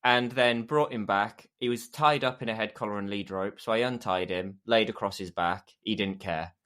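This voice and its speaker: A man co-hosting a podcast, telling stories in a relaxed, laid-back way. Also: fairly low pitch, moderate pace. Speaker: podcast co-host. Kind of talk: casual chat.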